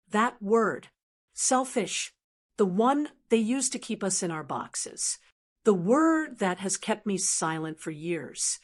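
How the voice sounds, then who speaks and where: An older woman narrating a first-person story in a calm, measured, quietly firm way. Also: medium pitch.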